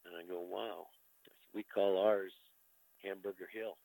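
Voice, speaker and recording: An older American man with a very deep voice tells a personal story as a veteran in a conversation. He talks candidly and emotionally and swears casually. The recording is close and dry. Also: steady tone, a little slow, vocal fry, mellow, dry recording, rough recording. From United States. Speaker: veteran telling his story.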